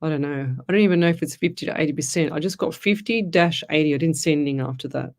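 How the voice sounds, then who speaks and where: A woman's voice: deep voice, fast talker. An Australian woman hosting a live radio call-in show as a psychic medium, chatty and rambling as she reads out listener questions. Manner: chatty, rambling, thinks aloud with frequent restarts. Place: radio studio.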